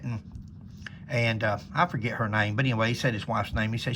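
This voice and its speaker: A man's voice: medium pitch, quick pace, pushed and bright, a little hiss or hum. A man, a former police officer, telling a rambling, folksy story in casual conversation to camera.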